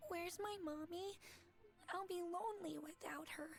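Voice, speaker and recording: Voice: extremely high pitch, measured pace, creaky, soft background music, heavily acted. An actress playing a frightened, lonely little girl in a video game, small and timid.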